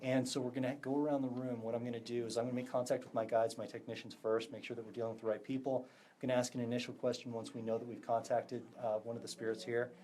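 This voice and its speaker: A man, a psychic medium, leading a live ghost box session with a group indoors, chatty and quick to laugh as he relays answers. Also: mid-range voice, little pitch movement, warm tone. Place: indoors in a historic house with a group.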